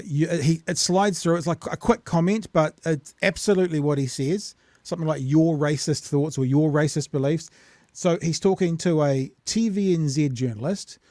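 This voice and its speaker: A man's voice: fairly high pitch, a little mellow, no echo, studio quality. A man with a New Zealand accent co-hosting a casual political chat, blunt and swearing freely as he gets heated. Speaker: podcast co-host.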